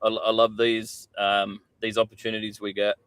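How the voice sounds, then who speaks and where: Aussie bloke on a podcast, kinda low voice, swears a lot, dry sound. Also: male voice, completely flat delivery, moderate pace, fairly bright tone, clear, resonant tone, no room sound. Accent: Australian. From Australia. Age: middle-aged. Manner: candid storyteller, swears freely. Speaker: podcast guest. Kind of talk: casual podcast chat.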